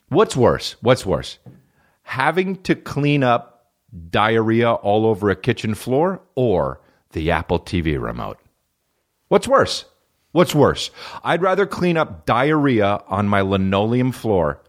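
A young man hosting a comedy podcast, ranting profanely, jumping between loud high bursts and low mumbled asides. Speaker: podcast host. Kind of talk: solo comedic podcast rant.

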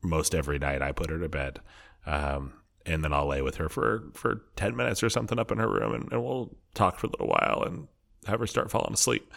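Man, thirties, very low gravelly voice, podcast co-host, easygoing joking manner, casual family chat. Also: a bit bright. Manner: easygoing, joking, quick to laugh.

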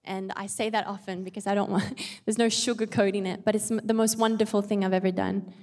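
A woman's voice: medium pitch, level tone, fairly quick, a little mellow. A mother giving an earnest, chatty Bible devotional talk with self-aware asides. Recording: long hall reverb.

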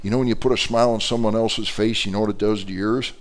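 A man's voice: lowish voice, steady tone, fast. A man teaching an adult Bible class as a pastor, telling stories animatedly with many fillers and restarts.

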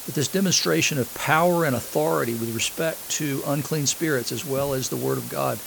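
Male pastor, middle pitch, some vocal fry, teaching sermon that reads scripture and asks the congregation questions. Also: fairly quick, fairly bright tone, slight background noise, poor audio. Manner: reads scripture aloud and explains it. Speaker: preacher.

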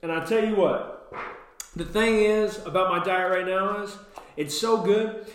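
A man's voice: high-pitched, fairly even intonation, unhurried. A man co-hosting a church podcast, talking in a hyper, jokey way, wired on caffeine. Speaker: podcast co-host. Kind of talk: casual chat. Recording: very echoey room.

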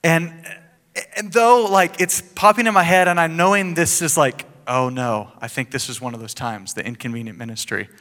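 A man preaching as pastor, telling a personal story in an animated, joking way with laughs and asides. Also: a little high, normal speed, long reverb tail. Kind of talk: sermon.

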